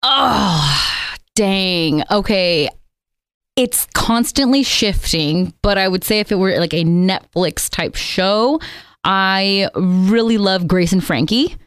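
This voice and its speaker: A woman radio host chatting as a podcast guest, lively and quick to laugh, with many fillers. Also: mid-range voice, smooth, dry recording, clean studio sound. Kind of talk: casual chat.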